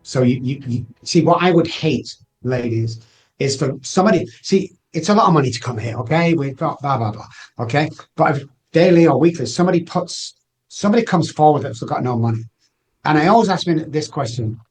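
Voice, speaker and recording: A man's voice: on the high side, expressive, fairly quick, slight background noise. A man guesting on a podcast, telling personal stories earnestly and acting out past conversations. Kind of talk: emotional personal storytelling.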